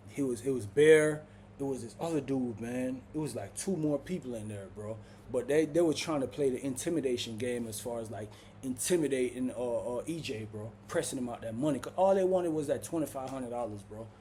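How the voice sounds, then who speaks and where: A man casually telling a story to camera, slangy and animated, peppering his lines with "bro" and acting out what others said. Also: medium pitch, a little hiss or hum. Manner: slangy, punctuates lines with "bro" and acts out quotes. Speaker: storyteller recounting prison life.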